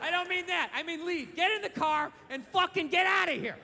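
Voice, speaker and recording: A male comedian rants in a high, sharp voice, blunt and profane with a sarcastic edge. He is recorded on stage through a handheld mic, and the big hall gives his voice a long reverb with a faint murmur behind it. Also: a little fast, gravelly, slight background noise. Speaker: stand-up comedian. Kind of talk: stand-up comedy set.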